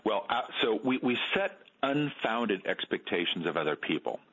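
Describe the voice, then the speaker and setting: A middle-aged man, an author guest on a radio interview, telling stories in an earnest, halting way and repeating words. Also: lowish voice, big pitch swings, a bit bright, breathy edge. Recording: dull lo-fi radio sound.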